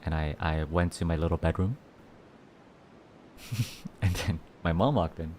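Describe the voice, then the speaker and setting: A man's voice: sits low, unhurried, darkish tone, slight background noise. A man streaming and chatting casually, giggling often and thanking donors with playful rawrs. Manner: rambling with many restarts. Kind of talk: casual livestream chat.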